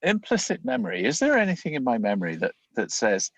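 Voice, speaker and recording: A man's voice: a little high, huge pitch swings, quick pace, vocal fry, hardly any pauses, no echo, low-quality recording. A man, a leadership coach, explaining ideas in a conversational interview, often acting out inner thoughts as quoted voices.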